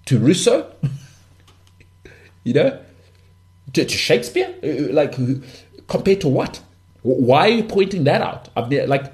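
A man's voice: a little high, very animated, a little slow, long pauses, a little mellow. A man with a Johannesburg northern suburbs South African accent, hosting a podcast in a blunt, rambling, candid rant full of restarts and asides. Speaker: podcast host.

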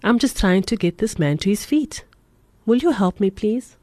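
A woman voicing a calm, kind well-off lady who speaks gently and patiently. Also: mid-range voice, normal speed, dry recording, pitched above the performer's own voice, natural voice.

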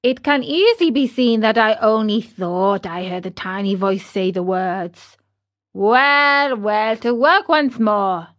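A woman's voice: mid-range voice, takes it slowly, a bit bright. A woman voicing a jittery old carpenter. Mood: uneasy. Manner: mumbling, stuttering, nervously laughing. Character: old male carpenter, jumpy and easily frightened.

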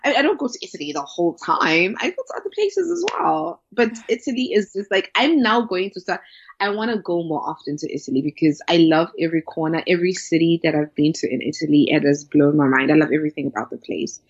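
A woman with a lowish, gravelly voice, chatting casually and with emphatic enthusiasm. Her tone is husky, and the recording sounds dull and lo-fi. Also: animated, fast. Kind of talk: casual chat.

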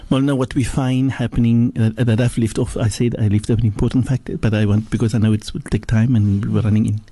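Husky-voiced preaching man on radio. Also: little pitch movement, fast talker, warm tone, no echo. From South Africa. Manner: preaching, emphatic, swings from low to high. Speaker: sheikh giving religious teaching. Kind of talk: radio religious talk. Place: radio studio.

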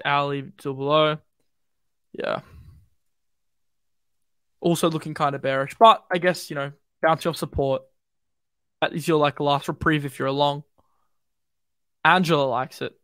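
A man's voice: fairly high pitch, smooth, no room sound, studio quality. A young Australian man streaming live, rambling casually with lots of fillers while walking through trading charts. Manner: relaxed, rambling, quick and slangy with many fillers. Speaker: crypto streamer.

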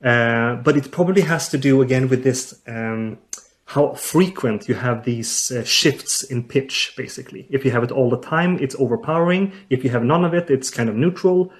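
Male researcher, guest, halting, lots of uh's, mid-pitched voice. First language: Swedish. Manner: hesitant, many uh fillers and restarts. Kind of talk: explaining in an interview.

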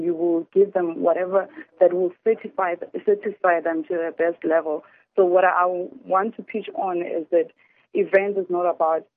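A woman pitches her events business over a tinny phone line. She speaks steadily and earnestly in long, flowing sentences.

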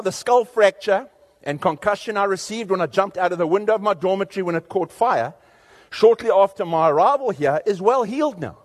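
A man reading aloud a letter from a sheepish young woman student to her parents, with deadpan comic timing. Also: high-pitched.

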